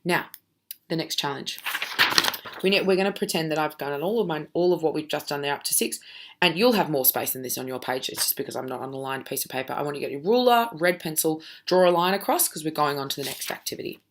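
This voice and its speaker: A woman teaching a recorded phonics lesson for children as a primary school teacher. She sounds out letters slowly and keeps checking in with the class. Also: low voice.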